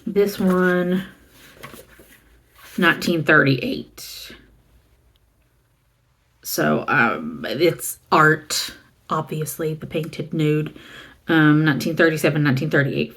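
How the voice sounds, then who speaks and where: A middle-aged woman from the American South talks through her book haul in an unhurried, rambling way. Her voice sits a little low, and she stops to read titles aloud and add asides. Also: fairly bright tone. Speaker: booktuber showing a used book haul. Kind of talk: casual chat.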